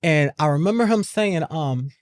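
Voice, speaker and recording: A woman's voice: low voice, expressive, moderate pace, darkish tone, no echo. A woman hosting a podcast, telling a personal story in a casual, repetitive way and often starting with "I remember.". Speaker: podcast host.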